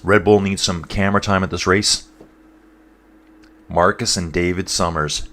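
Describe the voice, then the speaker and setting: A man talks through a live race in a laid-back, conversational flow, reading viewer comments as they come in; his very low voice sounds a bit stuffed up. He's unhurried, with long pauses, fairly even intonation, and a sharp tone.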